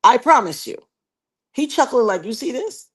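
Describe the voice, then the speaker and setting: A middle-aged woman with a fairly high voice tells a dramatic personal story. She is emphatic and animated, acts out what people said, and turns to address the listener directly. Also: moderate pace, breathy edge.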